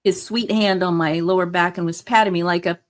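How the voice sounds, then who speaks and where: A woman with a fairly low voice speaks as a guest in a relaxed interview. She talks earnestly and with enthusiasm, filling her sentences with small fillers. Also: a little fast. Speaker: guest, hypnotherapist. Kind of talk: casual interview chat.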